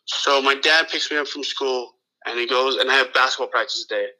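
A man with a very bright, sharp voice tells a long, rambling story in casual chat. He swears freely, restarts his sentences and acts out the lines of the people in it. The sound is that of a talk radio show. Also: mid-range voice, a little fast, low-quality recording. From Los Angeles area. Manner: rambling, profane, full of restarts and quoted dialogue. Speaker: guest telling a story.

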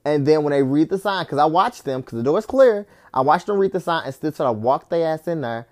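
A young adult podcast host ranting in casual talk, exasperated, swearing often and leaning on "like", with loud incredulous outbursts. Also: medium pitch, fairly quick. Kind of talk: casual solo rant.

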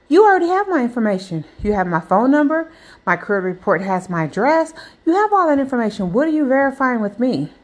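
Animated, sassy woman podcast host. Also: high voice, a little fast. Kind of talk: casual storytelling monologue.

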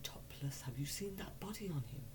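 A woman co-hosting a podcast in casual chat, swearing a lot and teasing loudly. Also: low-pitched, expressive, a little fast, breathy edge. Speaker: podcast co-host.

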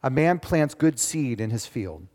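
A male pastor preaching a sermon in a church, with animated, emphatic delivery. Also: mid-range voice, measured pace. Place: church sanctuary. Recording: long reverb of a church.

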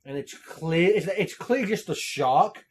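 A man's voice: high voice, animated, slow pace. A man co-hosting a casual podcast chat about movies and shows, laughing often and acting out quotes. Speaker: podcast co-host.

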